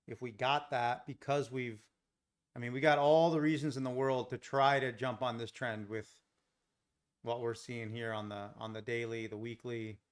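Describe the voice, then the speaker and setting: A man hosts a live day-trading stream in an easygoing, rambling way, drifting between chart talk and stories. He chuckles often, and his voice sits at an ordinary middle pitch. He grew up in Los Angeles. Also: flat delivery, moderate pace. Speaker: day trading livestream host. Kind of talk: casual live commentary, chatting with viewers. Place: home trading setup.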